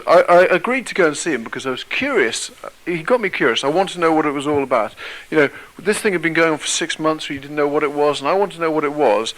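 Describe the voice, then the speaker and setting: A British man speaking to an audience as a motivational speaker, telling his story in a conversational tone. He often turns to his listeners with questions. His voice is bright and a touch high. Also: low-quality recording. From Britain.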